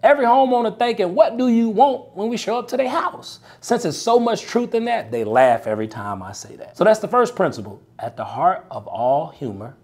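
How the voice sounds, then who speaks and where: A man, coaching sales reps in a punchy, animated, preacher-like way, often tagging lines with "right?". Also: sits high, fairly quick, few pauses. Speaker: sales coach and podcast host. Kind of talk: motivational sales coaching talk.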